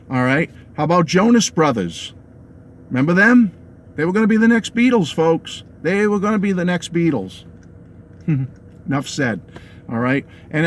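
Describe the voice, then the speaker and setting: A man's voice: on the high side, a little hiss or hum. A middle-aged man with a New England accent talking casually to his viewers about music. He laughs often and keeps checking in with them. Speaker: music vlogger. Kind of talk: casual opinionated monologue to camera.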